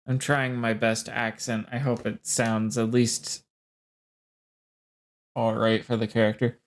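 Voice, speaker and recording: A woman's voice: very deep voice, flat delivery, slow, long pauses, noisy background. A woman streaming a game live, making self-deprecating asides between read lines. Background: game music.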